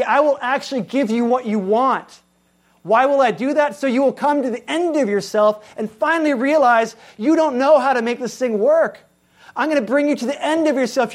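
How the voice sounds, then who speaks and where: Earnest male preacher, soft and loud turns. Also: high voice. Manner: earnest preaching, swings between raised exclamations and hushed, quiet passages. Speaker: pastor. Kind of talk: sermon.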